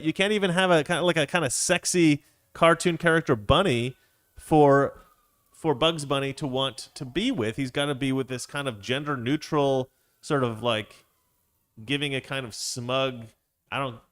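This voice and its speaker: A man's voice: mid-range voice, fairly bright tone. A young man hosting a show, giving casual, sarcastic commentary with frequent laughs. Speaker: show host.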